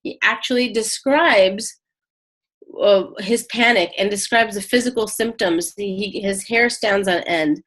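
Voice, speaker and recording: A woman's voice: mid-range voice, a little slow, a bit bright. A woman teaching a casual spiritual lesson, talking conversationally with many fillers and restarts as she retells a story.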